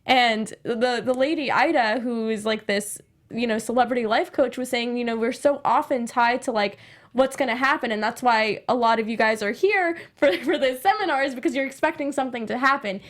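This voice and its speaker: High-voiced animated woman storyteller. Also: fairly quick. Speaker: co-host. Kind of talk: casual chat.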